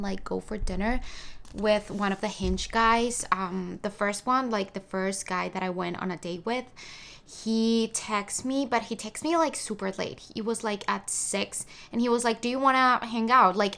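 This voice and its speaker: A woman in her twenties chatting excitedly in a casual vlog from her bedroom, gushing and rambling with lots of fillers. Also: medium pitch. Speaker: vlogger.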